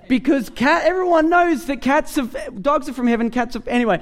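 A male pastor delivering a sermon in a strikingly high voice. He is animated and playful with his listeners. He often stacks up repeated words before a point lands. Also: fairly quick, hardly any pauses, a faint crowd. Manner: animated, humorous, repeats words when starting sentences.

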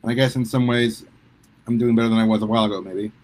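A man voicing a sheepish young male superhero who talks haltingly to his mother. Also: on the low side, steady tone, close to an everyday voice. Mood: hesitant, earnest. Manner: halting, hesitant, lots of restarts.

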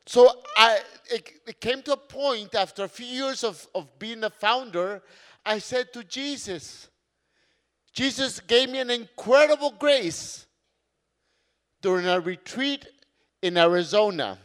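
Man, middle-aged, priest, sermon at a conference, earnest, emphatic, unhurried. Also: very high voice. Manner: earnest, slow, with sudden loud emphatic words. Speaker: priest and community founder.

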